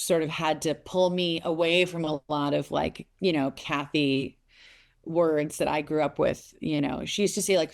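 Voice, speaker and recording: A woman in her forties speaks in an interview, with a somewhat low voice. She rambles through stories, restarts her sentences and grows animated as she goes. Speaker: actress being interviewed. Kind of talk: casual interview talk.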